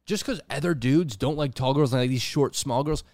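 Animated swearing man co-hosting. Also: mid-range voice, fairly quick, no echo. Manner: animated, swears a lot, laughs often. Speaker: podcast co-host. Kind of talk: casual chat.

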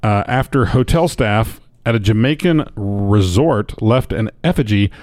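A male podcast co-host in casual chat who reads news stories aloud with wry humor. His mid-pitched voice moves up and down a lot. It is recorded dry, with little room sound. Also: lively intonation, measured pace, a little mellow, dry recording. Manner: joking, wry.

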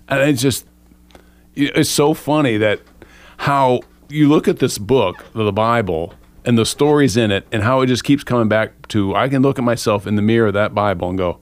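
A man talking casually in a group Bible discussion, a lively and self-mocking storyteller. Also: mid-range voice, moderate pace, no room sound. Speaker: Bible study participant.

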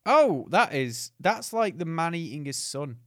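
A man co-hosting a podcast in casual chat, joking and breaking into loud laughter. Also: on the high side, big pitch swings, a little slow, no room sound, studio quality. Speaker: podcast co-host.

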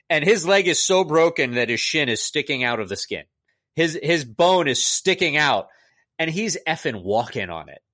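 A man's voice: medium pitch, fairly bright tone, dry recording, studio quality. A man co-hosting a podcast, casually retelling a movie in a rambling, exasperated way with lots of "like". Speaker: podcast co-host reviewing a movie. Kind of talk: casual chat.

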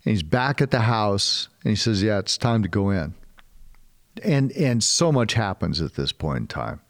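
A man preaching a sermon in a casual, animated way, with slangy asides to his listeners. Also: on the low side, normal speed. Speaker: pastor.

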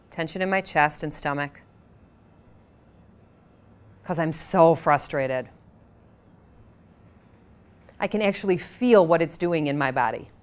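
A woman leading a guided tapping session, speaking in a calm, measured way and guiding the breathing with audible sighs. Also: low-pitched, clear, resonant tone.

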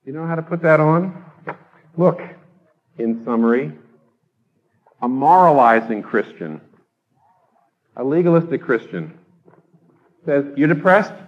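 A man preaching a sermon, emphatic, rising to loud exhortation and then dropping low. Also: lively intonation, unhurried, long pauses, lo-fi sound. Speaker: pastor.

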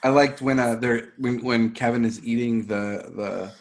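A man's voice: medium pitch, fairly even intonation. Laughing man in casual podcast chat. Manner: laughs often, halting restarts. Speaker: podcast co-host. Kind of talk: casual chat recapping a sitcom.

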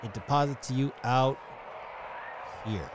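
Relaxed male game master, rambling scene narration, background noise. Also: mid-range voice, slow, a crowd in the background. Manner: loose, chatty narration with fillers. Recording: noisy background.

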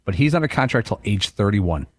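A man's voice: lowish voice, fairly quick. A man co-hosting a sports radio show, steadily running through player contract figures. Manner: steady, informative. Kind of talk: matter-of-fact stat rundown.

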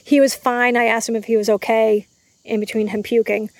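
Animated woman telling her story. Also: a little fast, no room sound. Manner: animated storytelling, acts out quotes in high voice. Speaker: guest. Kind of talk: casual interview chat.

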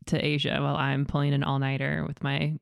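A woman's voice: deep voice, completely flat delivery, fairly quick, vocal fry, clean tone, no room sound. A young woman hosting a podcast, chatting casually in an upbeat way and reading scripted narration. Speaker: podcast host.

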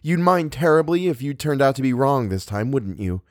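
A man's voice: medium pitch, lively intonation, moderate pace, a little mellow, no echo, clean studio sound, pitched above the performer's own voice, natural voice. A man voicing a proud, hurt young woman. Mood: defensive. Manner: tight, formal, defensive.

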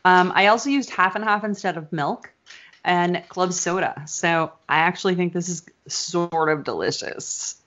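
A woman's voice: on the low side, moderate pace, fairly bright tone. Brief: middle-aged woman co-host, blunt and profane, muffled lo-fi sound. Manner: blunt, swears freely. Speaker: podcast co-host. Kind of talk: casual chat. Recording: dull lo-fi audio.

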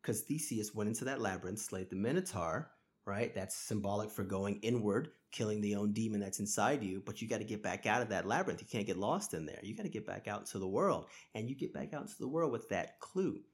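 Animated man telling stories. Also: on the low side, a little fast. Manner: animated storyteller, retells myths with acted quotes. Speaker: podcast guest, musician. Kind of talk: casual conversation.

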